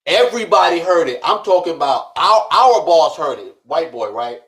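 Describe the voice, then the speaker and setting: A man's voice: medium pitch, moderate pace, hardly any pauses. A man in his thirties co-hosting a podcast, telling a story in casual chat and acting out the dialogue. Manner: animated storyteller, acts out quoted dialogue, frequent "right?". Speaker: podcast co-host.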